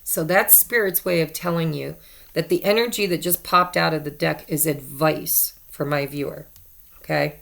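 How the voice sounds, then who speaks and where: A woman's voice: deep voice, moderate pace, creaky, fairly bright tone. A woman giving a casual tarot card reading to her viewers, chatty and repeating herself for emphasis. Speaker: tarot reader.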